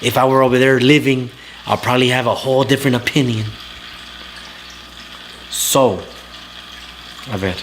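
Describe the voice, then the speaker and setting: Man, young, talk-show host, profane blunt rants, mid pitch, faint background noise. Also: fairly even intonation, normal speed, pauses often. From Southern California. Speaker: talk show host reading live chat. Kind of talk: casual livestream rant.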